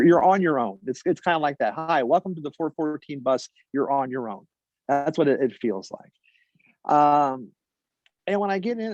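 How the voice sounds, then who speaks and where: A man telling a wry personal story on stage, halting and full of restarts. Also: mid-range voice, a little mellow, dry recording, muffled recording.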